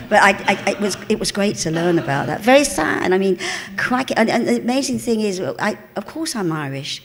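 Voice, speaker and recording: A woman's voice: medium pitch, fairly quick, few pauses, crowd noise. Chatty older East End London woman. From England. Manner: chatty, animated storyteller, laughs often, calls people darling. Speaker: interview guest. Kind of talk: live stage interview. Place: cinema auditorium with a live audience. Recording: long hall reverb.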